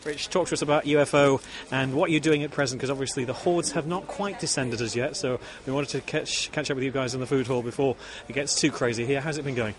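Fast-talking man hosting a show. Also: mid-range voice, fairly even intonation, noisy background. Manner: chatty, rambling, jokey. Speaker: show host. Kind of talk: roving show interview.

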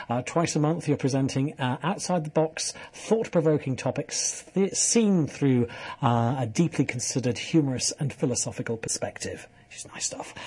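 Radio host, mid-pitched, husky, rambling jokes between questions. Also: male voice, a little mellow. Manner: jokey, rambling, playful. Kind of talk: radio show presenting.

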